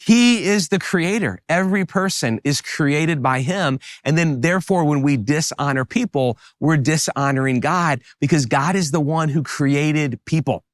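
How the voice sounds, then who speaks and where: A middle-aged pastor from the New Orleans area with a Southern American accent, giving an animated sermon with emphatic rises. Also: male voice, fairly high pitch, unhurried, few pauses, no room sound, studio quality.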